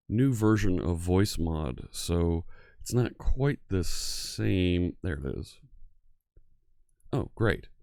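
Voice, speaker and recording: A man's voice: low voice, vocal fry, mellow, no room sound, clean studio sound. A man hosting a live coding stream in a casual, chatty way, greeting viewers one by one.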